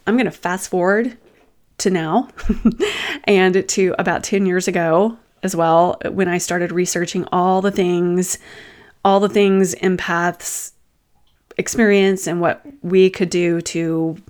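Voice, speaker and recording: A woman's voice: fairly low pitch, steady tone, a little mellow. Reflective woman telling a personal story. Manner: thoughtful, unhurried, often pausing and restarting; candid, self-deprecating asides. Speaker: host sharing personal experiences.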